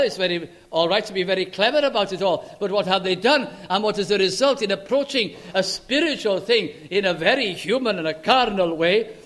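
A man preaching a sermon in an earnest, emphatic way, stretching key words and letting his voice sink low and soft at the ends of phrases.

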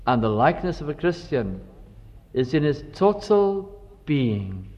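Older man, preaching, reflective storyteller, fairly high voice, long hall reverb, dull recording. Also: very animated, measured pace. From Wales. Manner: reflective, storytelling, warm asides. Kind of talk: sermon.

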